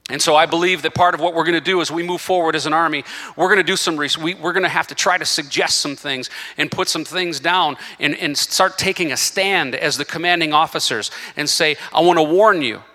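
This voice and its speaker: A man's voice: steady tone, brisk, sharp tone. A man preaching a sermon as pastor, earnest and emotional, pressing his points with rising urgency. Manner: impassioned preaching that climbs to urgent, high-pitched emphasis. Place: church sanctuary. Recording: long hall reverb from a church room.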